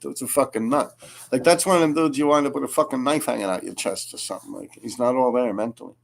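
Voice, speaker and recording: A man with a New York accent telling street stories in a casual, animated, profane way, laughing often. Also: mid-range voice, fast talker, creaky. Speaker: graffiti writer telling stories. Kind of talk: casual storytelling.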